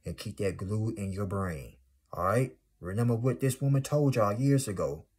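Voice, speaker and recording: Male vlogger, lowish husky voice, fired-up motivational delivery. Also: normal speed, darkish tone. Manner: emphatic, repetitive, exclaiming. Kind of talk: casual motivational vlog.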